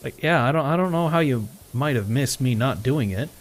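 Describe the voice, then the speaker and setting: A man chats casually on a live stream, acting out both sides of an exchange with frequent swearing and chuckles. His pitch swings widely as he talks, and soft music plays behind him. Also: fairly quick. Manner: animated retelling with quoted dialogue, swearing, chuckles. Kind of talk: casual storytelling while gaming.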